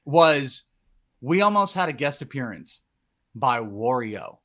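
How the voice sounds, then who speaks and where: A man's voice: mid-range voice, sing-song, slow pace, fairly bright tone. A man co-hosting a podcast, lighthearted and joking in casual banter. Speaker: co-host.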